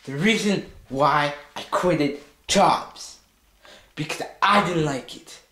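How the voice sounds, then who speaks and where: A man's voice: fairly high pitch, takes it slowly, pushed and bright. A man playing a volatile, troubled young man who swears constantly and rants, repeating himself, in a comedy skit, recorded in an echoey room. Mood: bitter.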